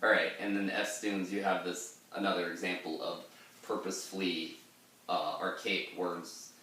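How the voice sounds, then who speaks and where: Chatty low-voiced man explaining poetry. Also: flat delivery, moderate pace, sharp tone, far from the mic, a little hiss or hum. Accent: pirate-style put-on accent in readings. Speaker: literature lecturer. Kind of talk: informal poetry lesson with pirate-voiced readings. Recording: echoey room, voice a bit off-mic.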